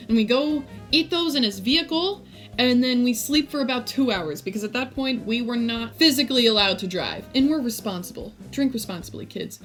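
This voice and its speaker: Young female vlogger, casual storyteller, animated and jokey delivery, light background music. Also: on the high side. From United States. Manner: animated and jokey, voices friends in quotes.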